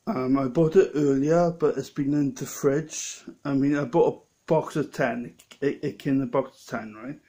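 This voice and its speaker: A man's voice: medium pitch, dark tone. A man with a Welsh accent, a bit drunk, rambling and restarting his sentences as he tastes a beer in a casual vlog. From Wales. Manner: rambling, halting, with many restarts. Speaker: lay preacher vlogger.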